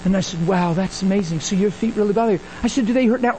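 A man preaching a sermon, telling stories and acting out the dialogue with animated energy. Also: rapid-fire, slight background noise, low-quality recording. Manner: animated, acts out dialogue, rises in pitch when excited. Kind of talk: sermon with storytelling.

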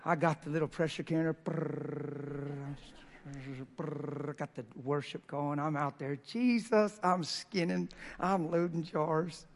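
A middle-aged man preaching a sermon in church, telling a story with emphasis and dropping from loud to hushed. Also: fairly high pitch, little pitch movement, takes it slowly, creaky, a little hiss or hum. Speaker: pastor. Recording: long reverb in a church hall.

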